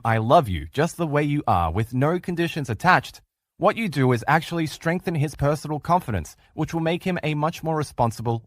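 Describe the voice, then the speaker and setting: A man's voice: a little high, dry recording, studio quality. A middle-aged man teaching a recorded relationship-coaching lesson in an earnest, coaching manner. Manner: earnest, coaching, acts out quoted replies in changed voices.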